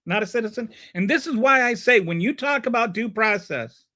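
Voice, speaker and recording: A man's voice: high voice, lively intonation, fairly quick, bright, forceful tone. A man hosting a live stream and ranting about politics. He is heated and sarcastic, and he stumbles and repeats words when he gets flustered.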